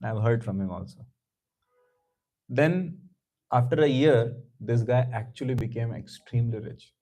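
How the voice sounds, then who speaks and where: A man's voice: medium pitch, dark tone, low-quality recording. A man teaching a scripture class, telling a story conversationally with many asides and chuckles. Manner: conversational, lots of "you know", chuckling.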